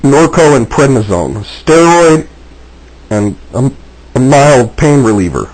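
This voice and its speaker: Husky, agitated man ranting. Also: medium pitch, animated, takes it slowly, a little mellow, rough recording. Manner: agitated, repetitive, frequent restarts. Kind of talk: agitated personal video monologue.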